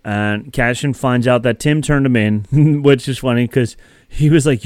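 A man's voice: mid-range voice, normal speed, darkish tone, clean tone, no echo. A man casually recapping a TV episode as a podcast co-host, rambling with many fillers. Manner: rambling, filler-heavy storytelling.

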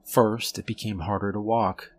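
A man reading a horror story aloud in a measured, calm storytelling manner. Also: lowish voice, slight background noise. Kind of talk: scripted horror story narration.

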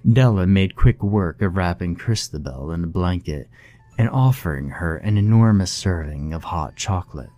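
A man reading a horror story aloud in a slow, measured, dramatic narration. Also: low voice, warm tone, no echo, muffled recording, faint music behind.

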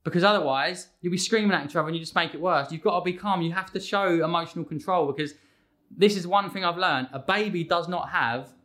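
A man in his thirties talks as a podcast guest. His voice is a little high and bright. He speaks with eager energy and often restarts his sentences. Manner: energetic, quick restarts and repeated words. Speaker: guest, fitness coach. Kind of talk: casual podcast conversation.

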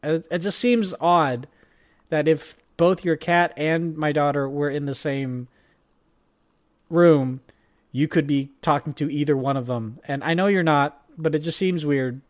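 A young man chatting casually and jokily as a podcast co-host, rambling and animated. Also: on the high side, a little slow. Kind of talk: casual chat.

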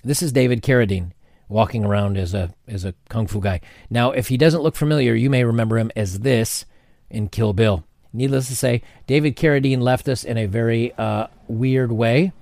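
A man talking straight to his camera in a casual commentary rant, his pitch sitting in an ordinary middle range. He is animated and sarcastic, tossing in jokey asides and restarting his sentences often. The sound is dry and close, with no room around it. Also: vocal fry, no echo. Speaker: commentary channel host. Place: home setting with changing sunlight.

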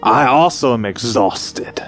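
A man's voice: medium pitch, expressive, takes it slowly, music in the background. A man playing a character in a tabletop role-play game, telling his story in an earnest, rambling way. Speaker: player voicing a character.

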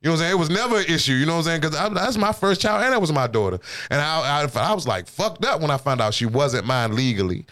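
His voice is a little high and a bit bright, with big pitch swings, and he talks fast with few pauses. This man in his thirties hosts a podcast and spins a rambling personal story in profane, casual chat, frequently checking "you know what I'm saying".

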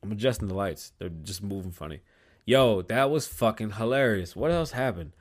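A man hosting his own podcast from a small studio, talking casually, swearing often and getting loud and animated when he tells a story. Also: on the low side, moderate pace. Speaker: podcast host. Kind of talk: casual solo podcast talk.

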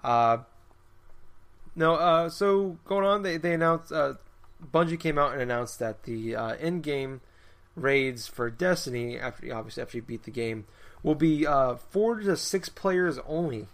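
A man's voice: fairly high pitch, expressive, measured pace, a bit bright. A man hosting a casual gaming chat, rambling with lots of fillers and restarts. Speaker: podcast host.

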